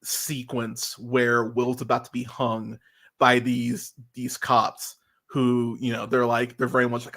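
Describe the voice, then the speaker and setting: A man co-hosting a podcast in casual chat, animated and swearing freely, his voice jumping high when he gets worked up. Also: moderate pace. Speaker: podcast co-host reviewing a TV series.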